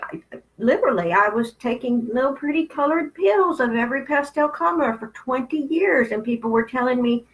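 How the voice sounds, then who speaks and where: A woman's voice: high voice, expressive, moderate pace, rough recording. Blunt, profane woman in her fifties. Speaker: spiritual channel host. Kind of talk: candid spiritual talk.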